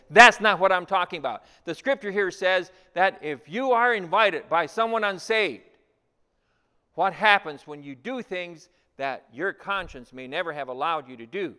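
A man preaching a sermon as pastor, repeating key lines and asking rhetorical questions, swinging between loud emphasis and hushed asides. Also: on the high side, clean tone. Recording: long reverb of a large hall.

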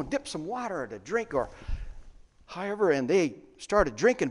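A man delivers a sermon in a fairly high voice that swings widely up and down. He keeps putting questions to his listeners. His voice rings with the long reverb of a large hall. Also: moderate pace. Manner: lively, questioning the congregation. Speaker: pastor.

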